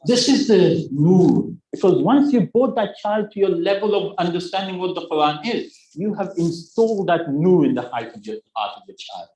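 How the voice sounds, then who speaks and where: A man's voice: high voice, expressive, normal speed, hardly any pauses, mellow, roomy sound, rough recording. A man in his sixties giving a Muharram sermon, telling a story, acting out its dialogue and adding joking asides to the audience. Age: 60s. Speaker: religious speaker.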